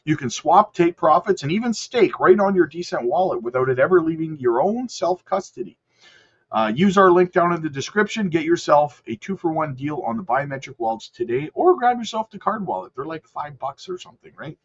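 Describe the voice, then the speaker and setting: A man's voice: a little high, very animated, brisk, breathy edge, muffled recording. A man hosting a crypto video channel, talking loosely through a chart with lots of fillers and self-corrections. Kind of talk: casual screen-share commentary.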